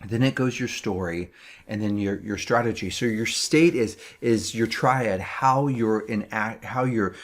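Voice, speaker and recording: An earnest man with a slightly low voice gives a motivational talk to business owners. He often stumbles and repeats words as he builds his point. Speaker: business coach.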